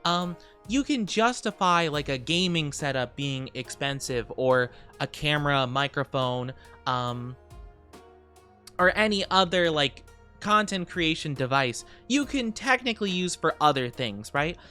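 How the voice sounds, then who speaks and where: A woman's voice: lowish voice, a bit bright. A woman VTuber chatting casually on a livestream, rambling and giggly with lots of fillers. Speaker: VTuber streamer.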